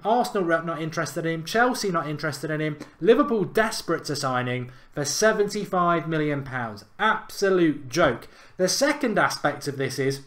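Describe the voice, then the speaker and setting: A man's voice: fairly high pitch, a bit bright. A man hosting a fan channel and delivering an emphatic, indignant football rant. He repeats his points for effect.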